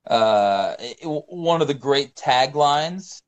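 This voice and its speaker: A man's voice: medium pitch, lively intonation, slow. A man co-hosting a casual movie podcast, enthusiastic, using slang like "dude" and "bro" and sports metaphors. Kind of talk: casual chat about movies.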